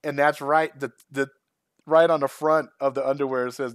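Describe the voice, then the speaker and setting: A man's voice: medium pitch, fairly even intonation, normal speed, dry recording, clean studio sound. Rambling, profane middle-aged man. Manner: rambling, profane, laughs often. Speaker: channel host. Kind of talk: casual live-stream chat.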